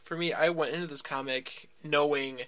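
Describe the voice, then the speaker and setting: Male co-host, calm podcast chat, bright tone. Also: fairly high pitch, normal speed.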